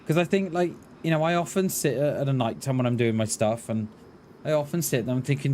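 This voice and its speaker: A man's voice: mid-range voice, fast, a little mellow, a little hiss or hum. A man from Mid Wales with a light Mid Welsh accent, chatting casually as a live streamer while he plays, musing aloud and answering viewers as "mate". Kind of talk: casual gaming commentary.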